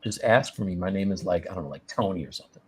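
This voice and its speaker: A man co-hosting a live art stream, chatting casually and telling a rambling, animated story. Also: low voice, racing, a little hiss or hum. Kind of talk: casual chat while sculpting.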